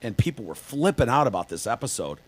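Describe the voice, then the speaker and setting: A man's voice: medium pitch, sing-song, fast, poor audio. A man co-hosting a podcast in casual chat, telling stories loosely with lots of fillers and swearing. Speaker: podcast co-host.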